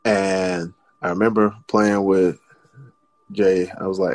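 A man's voice: level tone, slow pace, no room sound. A middle-aged man telling a long story in casual conversation, acting out the people in it. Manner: acts out quoted voices, jumping high in pitch. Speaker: storytelling guest.

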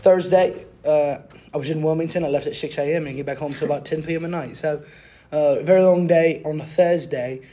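A young man doing a playful, put-on British accent as a mock British gentleman, recapping his week like a sportscaster. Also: on the high side, steady tone, brisk, lightly acted.

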